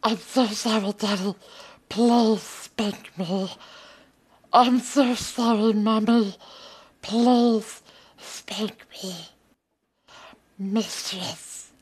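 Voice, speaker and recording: A woman voicing Gollum, a creepy male cave creature, in a husky voice that keeps dropping into whispers for a comic impression. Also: mid-range voice, fairly even intonation, voice pushed up. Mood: creepy, sultry. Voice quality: husky, slow, often whispered.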